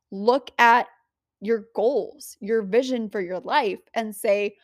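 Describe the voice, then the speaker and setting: A woman's voice: mid-range voice, unhurried, dry recording, clean studio sound. A woman giving motivational spiritual teaching in an earnest, conversational way, full of rhetorical questions.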